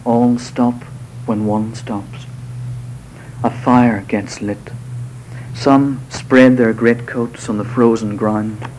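A man reads poetry to a live audience, taking each line slowly and deliberately. His tone is soft and mellow rather than bright, and his asides between poems are hesitant. Faint room ambience sits behind his voice. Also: mid-range voice, fairly even intonation, slight background noise, low-quality recording. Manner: measured, unhurried verse delivery with hesitant asides. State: voice slightly off tonight. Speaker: poet giving a reading. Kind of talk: poetry reading with spoken asides.

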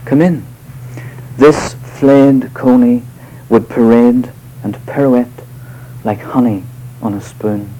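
A man giving a live poetry reading to an audience, delivering verse in a measured, unhurried way with hesitant spoken asides between poems. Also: mid-range voice, steady tone, warm tone, a little hiss or hum, rough recording. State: voice slightly off tonight.

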